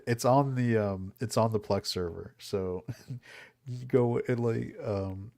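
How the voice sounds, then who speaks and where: A man's voice: fairly low pitch, slow, creaky, a little mellow. A man co-hosting a podcast, easygoing and laughing often in casual chat. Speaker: podcast co-host.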